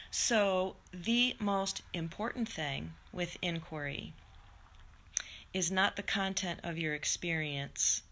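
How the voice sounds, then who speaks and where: Middle-aged woman meditation teacher, lowish voice, animated chat easing into slow guidance; live stream. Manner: chatty and animated, laughing, then slow soothing guidance. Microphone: phone or computer mic.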